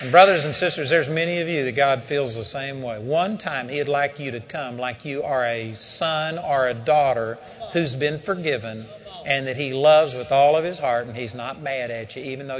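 A man's voice: medium pitch, normal speed. An older man preaching a sermon, telling a personal story and building to emphatic calls to his listeners. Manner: storytelling, rising to emphatic exhortation.

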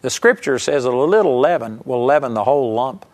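A man preaching a sermon, telling a story emphatically and swinging between loud passages and hushed ones. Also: mid-range voice, animated, fairly quick.

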